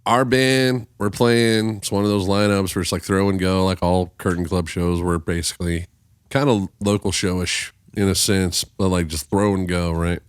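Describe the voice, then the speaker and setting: Lower-voiced man telling a wild story. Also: normal speed, smooth, no echo, studio quality. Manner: animated storyteller, swears freely, acts out quoted voices. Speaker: podcast guest musician. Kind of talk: casual storytelling.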